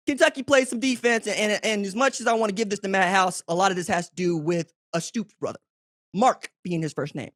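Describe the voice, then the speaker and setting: A man hosting a solo sports podcast, talking emphatically to fans in second person with big jumps in pitch. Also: fairly quick, fairly bright tone, no echo, clean studio sound. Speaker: podcast host.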